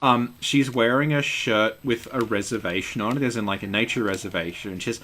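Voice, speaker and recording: A man's voice: lowish voice, fairly quick, pushed and bright, slight background noise. A man hosting a game stream who chats casually and tells rambling, wry stories.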